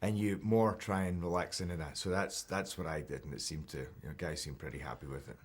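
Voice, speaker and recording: A Scottish actor in his thirties chats casually in an interview, his very low voice moving at an easy yet brisk pace. Relaxed and self-deprecating, he often restarts sentences as he thinks out loud.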